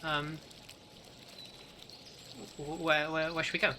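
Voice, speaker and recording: A man voicing a timid young woman companion who speaks haltingly. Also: fairly high pitch, level tone, pushed and bright, a little hiss or hum, voice pushed up, full character voice. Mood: unsure. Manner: halting, hesitant.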